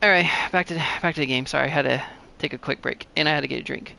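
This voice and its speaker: A man's voice: medium pitch, very fast, gravelly, bright, forceful tone. A man doing casual, rambling commentary over a story game, chatty and full of fillers. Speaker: gaming channel host.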